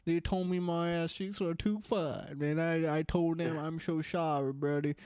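A slow, drawling Southern tough guy, as a man puts him on spins crude yarns and keeps calling everyone brother. The voice is a bit higher than the man's own and sits close and dry, with no room sound around it. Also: fairly even intonation, darkish tone, smooth, dry recording, lightly acted. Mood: boastful. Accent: put-on Southern drawl.

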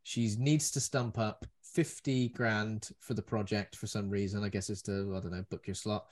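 A man's voice: lowish voice, fairly even intonation, moderate pace, hardly any pauses. A man hosting a casual film review chat, rambling and joking. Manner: rambling, jokey, does silly voices. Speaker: podcast host.

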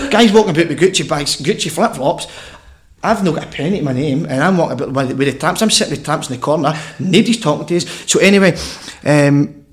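A Scottish man telling a funny story as a podcast guest, laughing and swearing as he goes. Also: on the high side. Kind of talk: casual storytelling.

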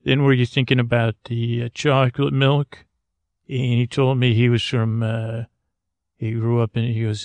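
A man improvising a bedtime story, rambling and halting with many restarts. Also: mid-range voice, flat delivery, darkish tone, no room sound.

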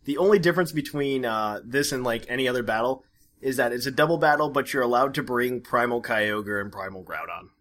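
A man's voice: medium pitch, a little fast, fairly bright tone. Rambling, hesitant male podcast co-host. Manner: rambling, hesitant, lots of fillers and restarts. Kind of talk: casual podcast chat.

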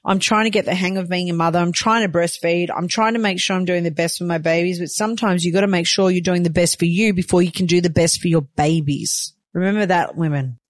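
A woman's voice: fairly low pitch, fairly even intonation, fast talker, few pauses, dry recording. A woman, a new mother talking openly and emotionally in a chatty personal vlog. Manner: open, emotional, chatty with many fillers.

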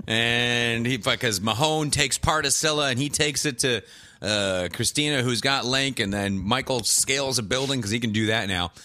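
A man recapping a TV show in casual chat, rambling and acting out characters in quick asides. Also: medium pitch, pushed and bright, no room sound.

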